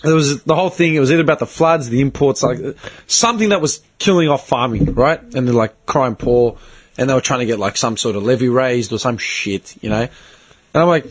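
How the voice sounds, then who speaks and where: A man's voice: medium pitch, animated, fairly quick. A man on a casual podcast, swearing bluntly and acting out both sides of an argument as he tells a story. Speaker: podcast co-host. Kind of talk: casual chat.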